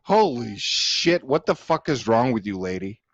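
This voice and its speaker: A man's voice: medium pitch, sing-song, unhurried, no echo, lo-fi sound. A man guest on a livestream panel, ranting angrily with lots of swearing and jeers. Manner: angry, profane, jeering rant. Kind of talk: heated livestream panel rant.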